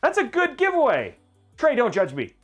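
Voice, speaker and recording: A man's voice: very high-pitched, wildly swooping pitch, normal speed, faint music behind. A man hosting a livestream in casual chat, rambling and joking at his own expense. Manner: rambling, playful, self-mocking. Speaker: livestream host.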